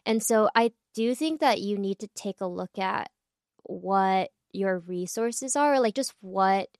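A woman in her late twenties co-hosting a podcast, speaking calmly and deliberately in casual chat. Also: medium pitch, dry recording, clean studio sound. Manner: listens with soft mm-hmms, speaks calmly and deliberately. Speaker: podcast co-host.

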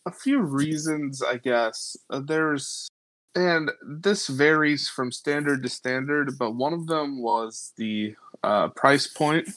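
A man speaking as a podcast guest in casual chat, unhurried and hesitant with many fillers. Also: mid-range voice, fairly bright tone, dry recording, low-quality recording.

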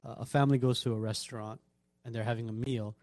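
A man's voice: medium pitch, fast talker, no room sound. A man hosting a podcast, chatting casually and acting out the lines he quotes while telling stories. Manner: animated storytelling, acts out quoted lines. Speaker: podcast host. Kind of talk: casual chat.

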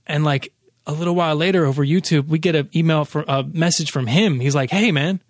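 A man's voice: on the high side, fairly even intonation, quick pace, dry recording, clean studio sound. A man in his thirties, a podcast guest, telling loose, profane stories in casual chat with lots of fillers.

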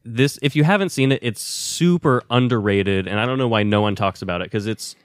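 A man's voice: mid-range voice, brisk, smooth, dry recording, studio quality. A man in casual chat reviewing movies and shows, loose and profane with lots of filler words.

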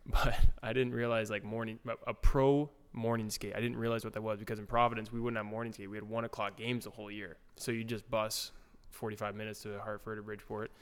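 A man's voice: on the low side, level tone, fast talker, few pauses, clean tone. A young man, a pro hockey player, casually telling a story in an interview, laid back with lots of fillers. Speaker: guest, pro hockey goalie.

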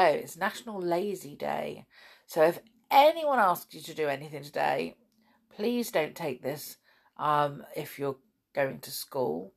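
Slow, expressive woman, gravelly. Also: low-pitched. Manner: exclamatory, playful. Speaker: children's podcast host. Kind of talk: chatty presenting to children.

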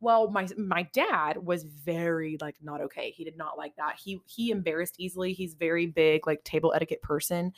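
A young woman talks through her solo podcast in loose, candid chat, cursing freely and laughing as she goes. Her voice sits fairly low for a woman. The sound is dry and close, with no room around it. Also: moderate pace, few pauses, no echo. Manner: candid, swears a lot, laughs often. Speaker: podcast host.

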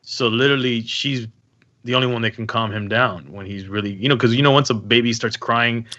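Speaking fairly quickly in a medium-pitched, bright and forceful voice with the highs cut off, a young adult podcast host chats casually. His storytelling rambles, full of restarts and slang.

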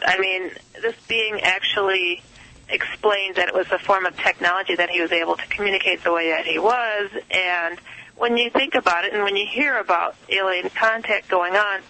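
A woman's voice: mid-range voice, pushed and bright, poor audio. A woman guest telling a story in a casual interview, rambling with many fillers and quoted asides.

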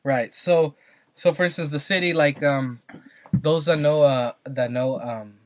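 A man's voice: on the high side, fairly even intonation, unhurried, no room sound. A young man from California, co-hosting a podcast and rambling through a story with lots of fillers and repeats. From Santa Maria, California. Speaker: podcast co-host. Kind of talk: casual chat.

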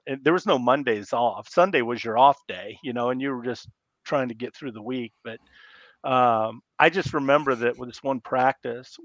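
A middle-aged man from Iowa, a podcast guest telling rambling, animated stories in a casual interview, often restarting sentences. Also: mid-range voice, no echo. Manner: rambling, animated, acts out coaches yelling. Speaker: podcast guest, former college football player. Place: live podcast studio. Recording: slightly muffled dry sound.

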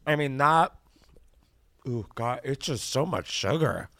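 A man hosting a podcast in casual chat, animated and chatty, swearing freely and laughing often. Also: mid-range voice, slow. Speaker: podcast host. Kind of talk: casual chat, candy taste test.

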